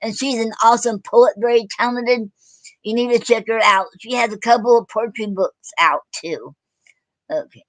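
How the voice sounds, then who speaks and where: A woman hosting a casual online poetry show, talking haltingly with many fillers and self-corrections. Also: a little high, no room sound, poor audio. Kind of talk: casual live-stream chat.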